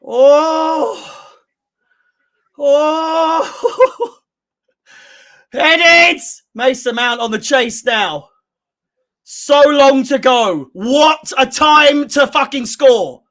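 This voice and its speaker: A man with a very high, bright voice and an unhurried delivery hosts a live football watchalong for fellow fans. he calls each pass and shot as it happens and peppers his reactions with plenty of swearing. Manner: play-by-play calls mixed with heavy swearing. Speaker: fan channel host. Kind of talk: live match watchalong commentary.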